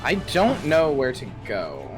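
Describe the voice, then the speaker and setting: A man's voice: medium pitch, huge pitch swings, takes it slowly, soft background music. A man streaming a game, chatting in a joking, laid-back way with frequent swearing. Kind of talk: casual gaming chat.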